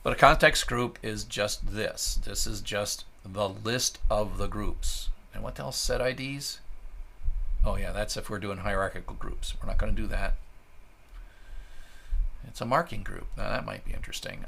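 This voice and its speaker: Low gravelly guy muttering and ranting to himself while coding, swears a lot, drops to near whispers. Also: animated, measured pace. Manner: drops to soft, breathy asides. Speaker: software developer reading a spec while coding. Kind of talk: live coding screencast, thinking aloud.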